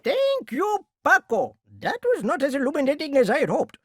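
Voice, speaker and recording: A woman's voice: high voice, sing-song, normal speed, fairly bright tone. A woman voicing a prim, formal cartoon host character, heard from off-mic with music behind.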